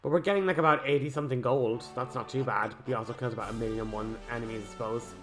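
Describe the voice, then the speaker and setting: A man comments on his gameplay in a rambling, jokey and excitable way. Faint music plays softly in the background. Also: medium pitch, rapid-fire. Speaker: let's play host.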